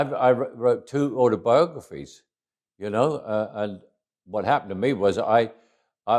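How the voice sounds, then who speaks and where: An older English man reminisces in a relaxed interview, full of dry humor. He restarts his sentences often and speaks in a fairly low voice. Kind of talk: reflective interview talk.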